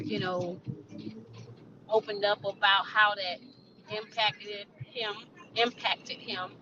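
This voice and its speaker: A middle-aged woman speaking as a panel guest, slow and reflective with many fillers, over a video call. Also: medium pitch. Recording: distant lo-fi mic with noise.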